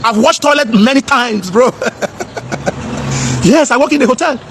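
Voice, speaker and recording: A man's voice: very high voice, animated, moderate pace, gravelly, a bit bright, slight background noise. A man in an impassioned, preachy monologue, asking rhetorical questions and slipping into pidgin.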